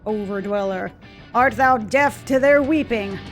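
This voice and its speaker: A woman voicing a huge, wrathful male earth god in a video game, with slow, grand, archaic accusations. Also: fairly high pitch, faint music behind, lightly acted, rough recording.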